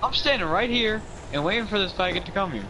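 Fast-talking indignant young man. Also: sits high, animated, noisy background. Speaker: player. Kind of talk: casual game chat.

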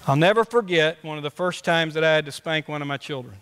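A male pastor preaching a sermon with passion, dropping soft and then rising to shouts. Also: on the high side, quick pace, clear, resonant tone. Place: church sanctuary. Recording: long church reverb.

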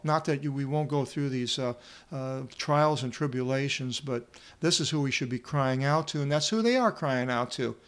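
Male Bible teacher and translator, fairly high voice, reads Greek then explains with plenty of "uh"s. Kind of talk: Bible study lesson.

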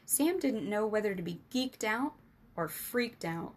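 A woman narrating a children's adventure story, lifting her voice higher and louder for the boys' lines. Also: lively intonation, a little slow. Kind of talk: scripted narration.

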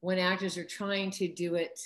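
A woman with a fairly low voice hosts a casual interview, chatty and quick to laugh as she asks her questions. Her voice rings out in a roomy, echoey space. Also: level tone, fairly bright tone. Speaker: interview host and acting coach.

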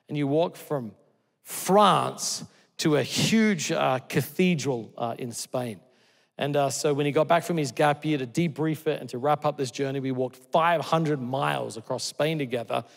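A middle-aged man preaches in a large church auditorium, and his voice rings out with a long hall reverb. He sits at an ordinary middle pitch for a man. He tells his stories earnestly, rising to loud exclamations and dropping to soft, tender lines. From Australia. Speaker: pastor. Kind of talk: sermon.

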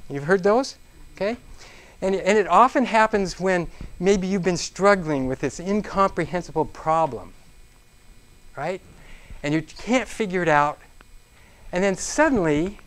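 A man's voice: high voice, unhurried, pauses often. A man presenting a business seminar to a live audience in a room, talking interactively and checking in with the listeners again and again. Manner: interactive, checks in with frequent "okay?"; animated, acts out exclamations.

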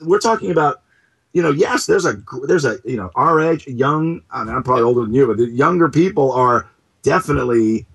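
A man talking as a startup co-founder in an interview. He is animated and keeps restarting his sentences, and he throws in comic asides. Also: mid-range voice, fairly quick, vocal fry, husky. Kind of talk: casual interview talk.

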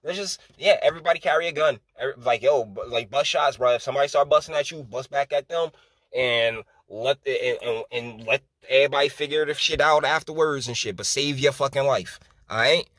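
A man's voice: medium pitch, a little fast, fairly bright tone, no echo. A man hosting his own channel, ranting in political commentary with profane, scornful heat.

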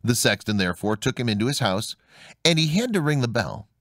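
A man reading a fairy tale aloud in a measured, expressive way as storyteller. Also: mid-range voice, no echo, studio quality. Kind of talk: scripted fairy-tale narration.

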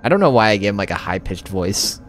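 A man's voice: on the low side, big pitch swings, fast talker, soft background music. A man giving casual let's play commentary on a horror game, rambling with laughing asides. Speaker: gaming YouTuber.

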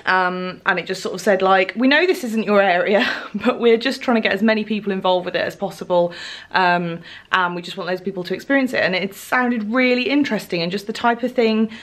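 A woman's voice: mid-range voice, fairly quick. A young woman chatting casually to camera as a vlogger, bubbly and giggly. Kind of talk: casual vlog chat. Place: home, then a shop fitting suite.

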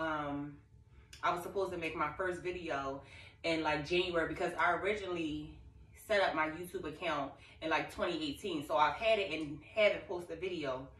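A woman's voice: low-pitched, a bit bright. A young woman vlogging to camera, telling an emotional, rambling story in casual talk. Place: living room. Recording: echoey room, far from mic.

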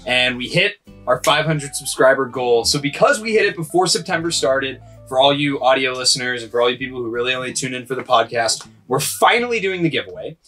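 A man co-hosting a podcast in casual chat, upbeat and quick to joke. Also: mid-range voice, animated, bright, forceful tone, soft background music. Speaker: podcast co-host.

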